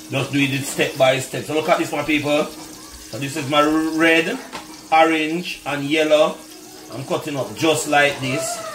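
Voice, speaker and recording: In his home kitchen, a cooking vlogger demonstrates home cooking and chats with viewers, calling them "my people" throughout. His voice is medium-pitched, with background noise.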